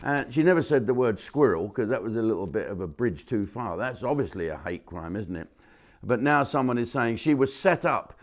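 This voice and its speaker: A man's voice: mid-range voice, lively intonation, fairly quick. A man hosting a comic rant to camera from a studio, sarcastic and profane. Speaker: comedian host.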